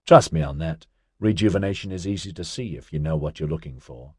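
A man voicing a wry, matter-of-fact grown man in an audiobook, speaking in his own low voice. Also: lively intonation, brisk, a little mellow, husky, dry recording, studio quality, full character voice.

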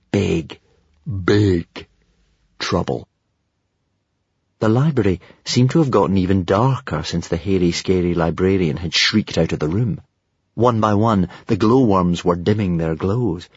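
A man's voice: low-pitched, husky, dry recording. A man narrating a children's storybook expressively, in a slightly muffled dry recording. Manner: expressive, unhurried. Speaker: audiobook narrator.

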